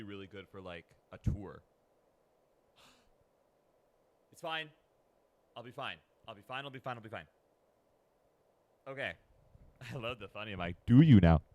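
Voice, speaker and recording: Playful deep-voiced male streamer. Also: fairly bright tone. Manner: playful, self-joking, chatty. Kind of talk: casual live-stream chat.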